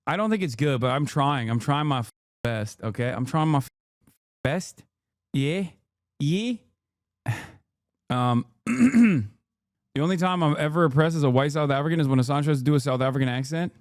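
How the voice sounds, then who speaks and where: A man's voice: mid-range voice, expressive, moderate pace, dry recording. A man doing casual livestream commentary, sarcastic and profane, riffing and talking into a close desk mic. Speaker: streamer and political commentator.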